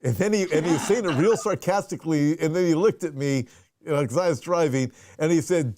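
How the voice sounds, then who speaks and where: A man's voice: fairly high pitch, a little fast, a little mellow, no echo, studio quality. A man, a pastor, hosting a casual conversational show with lots of restarts as he talks. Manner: conversational, restarts and fillers, reads viewer questions. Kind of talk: casual chat.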